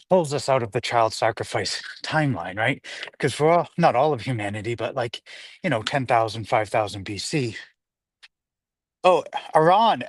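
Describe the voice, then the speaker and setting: A slightly winded man chats through a livestream while walking uphill outdoors. He rambles from point to point and reads out viewer comments as he goes. His voice is mid-pitched and sounds dry and close, with no room echo. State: slightly out of breath. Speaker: livestream host. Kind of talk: casual livestream talk while walking a dog. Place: outdoors on a hillside street.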